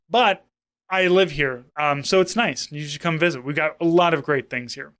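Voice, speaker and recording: A man in his thirties from St. Louis talks loosely on a podcast, swearing often and circling back on his own sentences. His voice is bright and smooth, sitting a little high for a man. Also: moderate pace. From St. Louis, Missouri. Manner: rambling, profane, self-interrupting. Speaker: podcast co-host. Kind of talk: casual chat.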